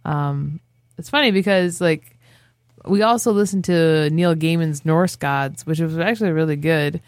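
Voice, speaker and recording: A woman's voice: low voice, unhurried, no echo. A woman from Michigan with a Midwestern American accent, co-hosting a podcast in a rambling, jokey, casual chat. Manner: rambling, jokey, loses her train of thought. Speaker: podcast co-host.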